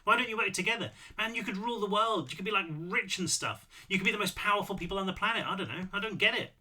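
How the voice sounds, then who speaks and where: A man's voice: sits high, fast talker, sharp tone, pitched above the performer's own voice, heavily acted. A man voicing a cocky, sarcastic teenage boy in a read-through of his novel. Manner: sarcastic, mouthy.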